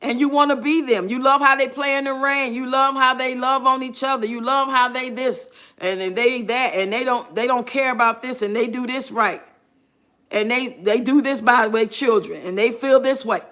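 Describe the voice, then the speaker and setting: A woman's voice: high voice, moderate pace, a bit bright. A woman giving blunt, sarcastic reaction commentary on a clip. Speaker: commentary streamer.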